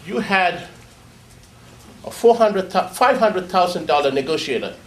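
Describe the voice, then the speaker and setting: A high-voiced man talks slowly and sarcastically as he scolds a board in a public hall. Faint background noise sits under his voice. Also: expressive. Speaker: public commenter. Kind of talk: public comment speech at a board meeting.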